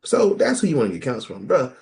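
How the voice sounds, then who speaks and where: Quick and gravelly at medium pitch, with slight background noise, a man co-hosts a laid-back podcast discussion of scripture. He jokes a lot and mimics people when quoting them.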